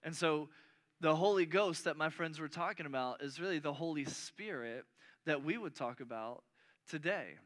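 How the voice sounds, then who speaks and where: Male pastor, bright and forceful tone, slightly high, conversational sermon delivery with restarts. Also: normal speed. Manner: conversational preaching with frequent restarts, voice rising on key points.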